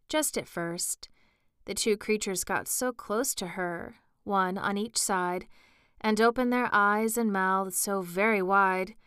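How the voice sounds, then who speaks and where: A woman reads a storybook aloud as narrator, calm and even, taking her time. Her voice is smooth and clear, and the recording is dry and close with no room sound. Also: medium pitch, no echo. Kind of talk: audiobook narration.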